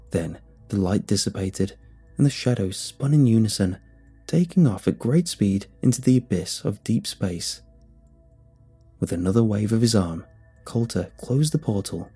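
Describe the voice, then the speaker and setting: A man's voice: lowish voice, warm tone, husky. A man reading a first-person horror story aloud in a dramatic, suspenseful way.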